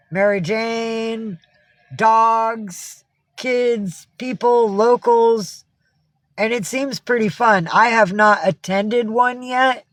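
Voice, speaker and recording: A woman's voice: medium pitch, no room sound. A woman from upstate New York hosting a casual livestream, chatting with viewers, greeting them by name and swearing freely. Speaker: livestream host.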